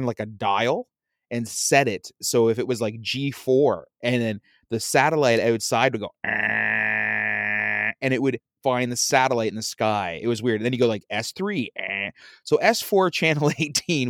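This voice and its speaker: A man's voice: mid-range voice, no room sound, clean studio sound. A man in his thirties casually telling a long family story, acting out his relatives and laughing often. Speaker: storyteller guest. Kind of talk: casual chat.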